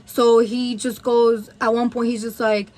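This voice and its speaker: A woman's voice: fairly high pitch, little pitch movement, a little slow, darkish tone, poor audio. A woman in her twenties from New Haven, telling a candid, profanity-filled story time while doing her makeup. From New Haven, USA. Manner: candid, heavy swearing, lots of "like". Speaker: vlogger.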